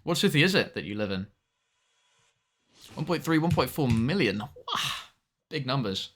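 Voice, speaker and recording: Bright-voiced young streamer. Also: male voice, mid-range voice, very animated, normal speed, soft background music. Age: young adult. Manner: chatty, swears at the game. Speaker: streamer reading chat. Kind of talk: casual game-stream chat.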